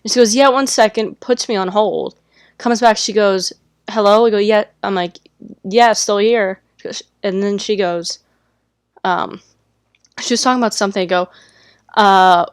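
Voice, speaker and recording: Woman on a podcast telling a story, smooth clean voice, dry close sound. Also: medium pitch, fairly even intonation, moderate pace, pauses often, no room sound. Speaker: podcast cohost. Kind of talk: casual chat, storytelling.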